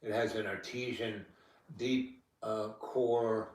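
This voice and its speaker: A man's voice: fairly low pitch, steady tone, slow, a little mellow. A man talking at length in casual chat, reassuring and lecturing by turns, recorded in a room of a house. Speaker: guest. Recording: echoey room, far from mic.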